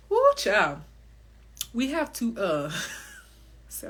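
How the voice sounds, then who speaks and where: A woman hosting a wellness podcast, talking candidly on her own in an animated, emphatic way, swearing freely and laughing often. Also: on the high side, takes it slowly, long pauses, husky. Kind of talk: candid solo podcast monologue.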